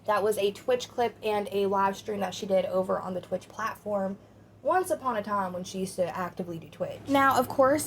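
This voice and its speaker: A woman's voice: medium pitch, a little mellow, slight background noise. Chatty woman commentary host. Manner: chatty and opinionated, addresses viewers directly. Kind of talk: casual commentary.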